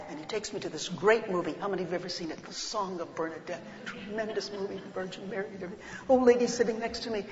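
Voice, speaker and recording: An older woman telling an animated, comic story to an audience. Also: medium pitch, fast. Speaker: speaker. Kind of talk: humorous storytelling talk to an audience. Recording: muffled echoey hall recording.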